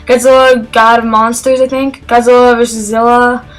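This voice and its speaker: A woman talks through a film review in a loose, casual way, stumbling over her words and restarting sentences. Her voice sits a little high and she sounds genuinely excited. Soft music plays faintly behind her. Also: moderate pace, poor audio. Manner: rambling and hesitant, with many fillers and restarts; enthusiastic.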